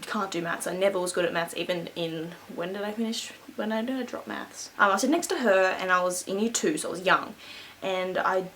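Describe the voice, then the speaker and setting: A young beauty vlogger tells a rambling, chatty storytime at home, keeping her voice down so she won't wake someone and laughing between asides. Her voice is fairly low, brisk and fairly bright, with a little hiss or hum.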